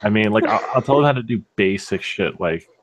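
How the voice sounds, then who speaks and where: A man with a very low voice delivers deadpan dark jokes during a casual chat. He talks flatly and offhandedly, letting the punchlines land without fuss. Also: fairly quick. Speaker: stream co-host.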